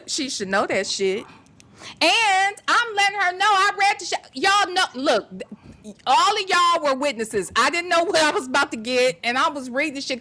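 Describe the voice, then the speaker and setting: A chatty woman hosts a casual livestream and talks straight to her viewers. Her voice sits fairly high and swings up and down a lot. She swears freely and leans on slang. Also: bright, forceful tone. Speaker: host.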